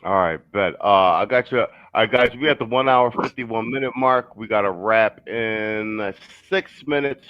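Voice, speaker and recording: Male live panel host, lowish voice, heated profane rants, dull dry lo-fi sound. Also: normal speed, few pauses, no room sound.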